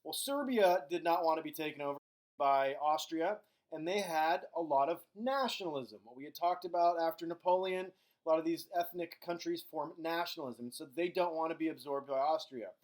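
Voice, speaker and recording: A middle-aged man giving a recorded history lecture in a casual, joking way. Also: a little high. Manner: casual, acts out countries in quick silly voices. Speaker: history teacher.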